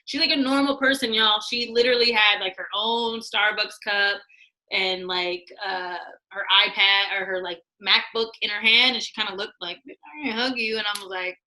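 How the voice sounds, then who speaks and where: A middle-aged woman, a former studio executive, telling lively stories in casual conversation, acting out what people said and laughing often. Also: mid-range voice, moderate pace, low-quality recording. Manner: animated, acts out quotes, laughs often. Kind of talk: casual storytelling.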